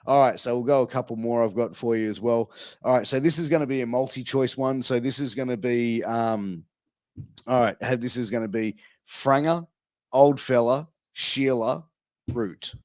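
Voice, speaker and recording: A man's voice: medium pitch, moderate pace, no room sound, studio quality. A man with an Australian accent hosting a podcast, laid-back and casual, swearing freely as he chats. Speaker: podcast host. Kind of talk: casual interview chat.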